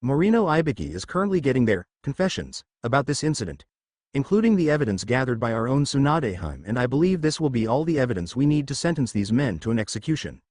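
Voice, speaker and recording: A man's voice: mid-range voice, big pitch swings, fast, a little mellow, no echo, clean studio sound. A man reading the lines of a grave old male village leader.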